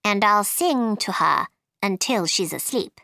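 A woman's voice: medium pitch, expressive, measured pace, pushed and bright, no echo, studio quality. A woman voicing a bossy, boastful queen in a storybook, with a firm, know-it-all manner.

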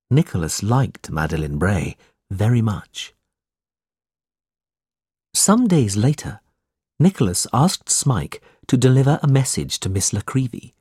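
A man narrates a storybook in a slow, measured reading. His voice is husky, with a lively rise and fall in pitch. The sound is dry and close. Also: no room sound.

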